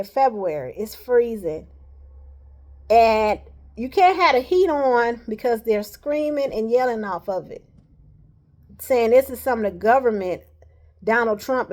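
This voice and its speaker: A woman with a slightly higher voice talks straight to camera in a loose, rambling monologue. She keeps pressing her points earnestly and checks in with a steady "all right" as she goes. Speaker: vlogger.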